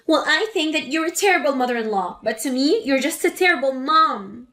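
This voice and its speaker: A woman's voice: sits high, animated, fairly quick, hardly any pauses, pushed and bright, soft background music. A woman reading a dramatic family story aloud in a hurt, incredulous voice. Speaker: narrator.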